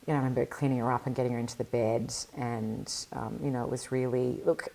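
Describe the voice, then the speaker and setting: A woman with a strikingly deep voice, pitched far below most women's, and a gravelly fry that runs through her words. She talks candidly and reflectively as an interview guest, often pausing on fillers as she gathers her thoughts. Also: steady tone, mellow. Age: adult mother. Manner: reflective, earnest, many fillers. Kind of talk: candid conversational storytelling.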